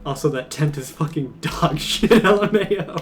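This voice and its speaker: A man's voice: fairly high pitch, expressive, normal speed. A goofy young man streaming gameplay commentary, sarcastic, swearing and laughing often. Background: game music.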